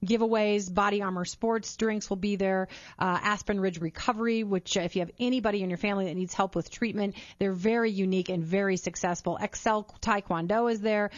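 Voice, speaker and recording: A woman's voice: medium pitch, fairly quick, hardly any pauses, dry recording. A woman hosting a podcast for mothers, speaking earnestly and repeating words as she gets going. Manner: warm-hearted, earnest, repeats words when excited. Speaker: podcast host. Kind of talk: upbeat interview and appeal to listeners. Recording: slightly dull lo-fi sound.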